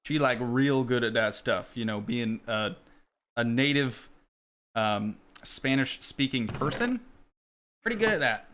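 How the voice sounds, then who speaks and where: An American man in his young adult years rambles through his gameplay in a loose, thinking-aloud way, talking to his viewers as he goes. His voice sits at an average pitch with a bright edge. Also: slow, slight background noise. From United States. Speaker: gaming streamer. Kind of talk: casual live gameplay chat.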